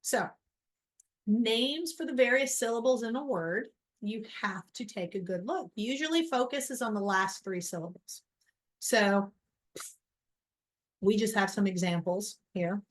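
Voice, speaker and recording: A middle-aged woman teaching a recorded college lecture over slides, casual and self-deprecating. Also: medium pitch. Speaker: college biology instructor.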